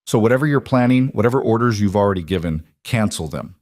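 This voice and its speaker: A man's voice: lowish voice, expressive, quick pace, a little mellow, dry recording, clean studio sound, lightly acted. A man voicing a possessive, intense young mafia boss who speaks in a commanding way.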